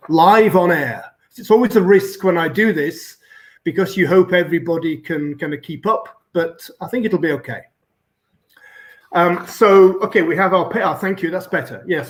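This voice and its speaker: English male guest, slightly high voice, patient instructor on a video call. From England. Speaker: origami teacher guest. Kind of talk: live online tutorial.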